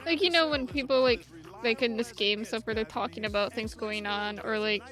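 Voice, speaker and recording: A woman's voice: fairly high pitch, fairly even intonation, moderate pace, fairly bright tone, soft background music. A young woman guest on a game stream, chatting casually and teasing the host. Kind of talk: casual chat.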